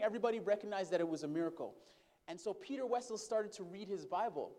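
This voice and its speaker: High-voiced man preaching a sermon. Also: lively intonation, quick pace, warm tone. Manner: addresses the congregation as brothers and sisters; calls for responses from the congregation. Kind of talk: sermon storytelling.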